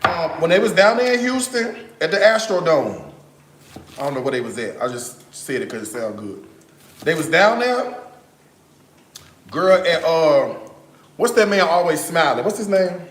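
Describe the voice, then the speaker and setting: A man's voice: a little high, moderate pace, long pauses, roomy sound. A man hosting a cooking live stream, chatting casually and telling stories straight to his viewers while he cooks in his kitchen. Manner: animated storyteller, addresses viewers directly. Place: home kitchen.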